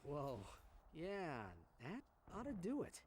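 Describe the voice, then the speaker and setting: Ratchet, a wry young alien hero. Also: male voice, high-pitched, sing-song, takes it slowly, exaggerated voice. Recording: game audio under noise.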